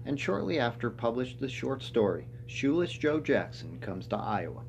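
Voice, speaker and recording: A man introduces the play with an animated, lively voice. A faint hum and noise sit under the recording. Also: mid-range voice, moderate pace, gravelly. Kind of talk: spoken introduction.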